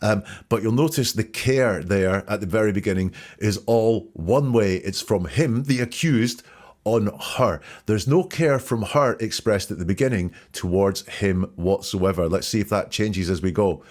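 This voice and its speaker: A man hosting a podcast who speaks in a measured, methodical way, quoting and dissecting words one by one. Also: fairly low pitch, a little mellow. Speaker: podcast host. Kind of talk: analytical commentary.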